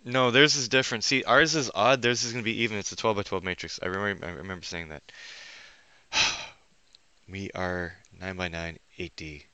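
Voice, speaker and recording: In a dry recording, a male vlogger with a deep, smooth voice speaks briskly in a steady, pushed, bright tone. He rambles restlessly, swearing heavily as he thinks aloud and breaks off his sentences midway.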